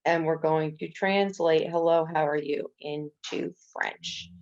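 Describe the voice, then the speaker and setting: A woman with a low, gravelly voice explains a coding tutorial step by step, dropping in casual "um"s as she goes. The recording is dull and lo-fi. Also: steady tone, slow pace, a little mellow. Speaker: coding instructor.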